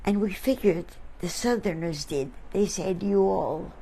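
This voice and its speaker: A woman hosting a talk, telling reflective stories about friends to an audience in a slow, thoughtful way. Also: on the low side, lively intonation, dark tone, slightly rough, low-quality recording. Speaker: artist and host.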